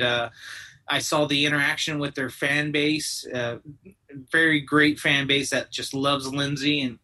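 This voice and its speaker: Bright-voiced man chatting as a guest. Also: mid-range voice. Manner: rambling, many fillers and restarts. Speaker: talent agency guest. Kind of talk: casual podcast interview.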